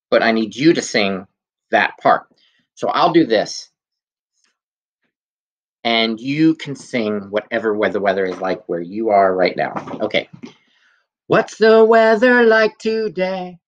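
Slow, gentle music teacher, slightly dull. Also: male voice, fairly low pitch. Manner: gentle and encouraging, slow, sings children's songs. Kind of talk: recorded kindergarten music lesson. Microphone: phone.

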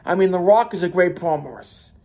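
Expressive and a little fast, this man's high, mellow voice carries a solo wrestling opinion rant on his own commentary channel. He's heated and emphatic, circling back to his points and restarting words.

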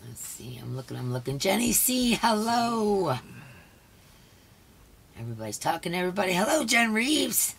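A hoarse woman hosting a casual live stream. She chats along and greets each viewer by name. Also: medium pitch, big pitch swings, normal speed. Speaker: livestream host.

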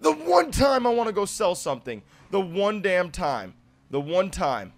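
A young man with a lisp doing live gameplay commentary, who swings between low muttering and loud, swearing rage outbursts. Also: big pitch swings, a little slow, gravelly, music in the background. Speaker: gaming streamer.

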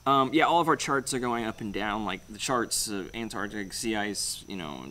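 A man's voice: fairly low pitch, moderate pace, sharp tone. Young guy rambling thru comments, blunt, swears a lot, faint hiss behind. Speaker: channel host. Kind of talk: casual livestream comment chat.

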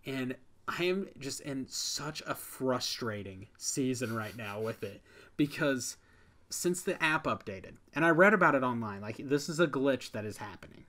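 A man's voice: medium pitch, expressive, measured pace, fairly bright tone. A young man co-hosting a podcast in casual chat, talking loosely with many fillers. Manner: ranting, frequent "like" fillers. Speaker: podcast co-host.

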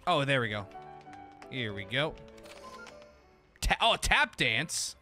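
A man's voice: medium pitch, very animated, takes it slowly, bright, forceful tone, faint music behind. A man streaming a game, giving casual commentary, laughing often and swearing casually.

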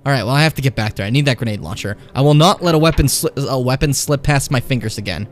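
A man's voice: medium pitch, fast, soft background music. A young man playing a horror game on stream, chatting casually, swearing a lot and taunting the enemy. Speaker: let's play streamer.

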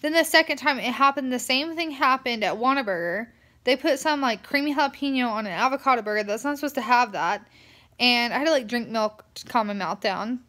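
A woman's voice: on the high side, brisk, sharp tone. Tired, chatty young woman vlogging. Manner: chatty, rambling, lots of "like" fillers. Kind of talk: casual vlog rant.

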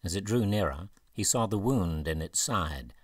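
A man narrating an audiobook with even, measured storytelling. His voice is very low and slightly husky. The sound is close and dry. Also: no echo. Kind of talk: scripted narration.

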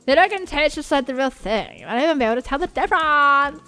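A woman's voice: high-pitched, lively intonation, fast talker, over music, pitched above the performer's own voice. Woman doing a cheery young roommate. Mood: cheerful. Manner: bright and friendly.

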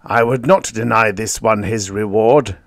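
A man voicing Wonk, a huge, slow, armored alien who talks in a rumbling, ponderous way about revenge. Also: no echo, studio quality. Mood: brooding.

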